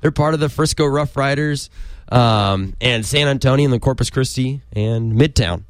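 Rambling young male co-host, middle pitch, dry recording. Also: moderate pace, dry recording. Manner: rambling, chatty, self-correcting. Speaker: podcast co-host. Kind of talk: casual chat.

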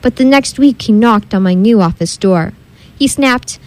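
High-voiced woman reading rhyme aloud. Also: lively intonation, normal speed, a little mellow, rough recording. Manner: rhythmic, sing-song rhyming delivery. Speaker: reader. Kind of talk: storybook read-aloud in rhyme.

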